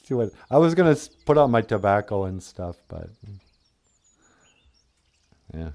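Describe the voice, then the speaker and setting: A man's voice: on the low side, sing-song, unhurried, gravelly, a little mellow. A man hosting a puppet podcast outdoors in the woods, rambling casually and chuckling.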